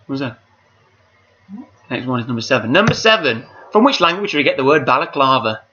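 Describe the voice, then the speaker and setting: A man's voice: medium pitch, sing-song, brisk, sharp tone. A man hosting a charity quiz over a video call, chatty and rambling, reading out each question twice. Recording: dull lo-fi call audio.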